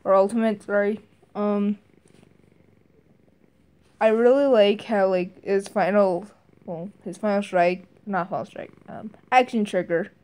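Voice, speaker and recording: Slow, mellow-voiced hesitant woman. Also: steady tone. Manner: hesitant, many fillers and restarts; briefly mimics game character lines in higher voices. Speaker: video game reviewer. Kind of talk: casual spoken game review.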